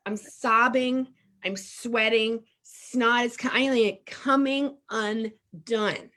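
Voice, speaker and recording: A middle-aged woman from Texas, a guest telling a personal story in an emotional, animated and candid way. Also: fairly high pitch, measured pace.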